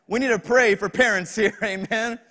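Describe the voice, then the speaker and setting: High-voiced pastor preaching in a reverberant church. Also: male voice, pushed and bright. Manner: folksy, joking, calls for amens. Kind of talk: sermon. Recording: long reverb of a church hall.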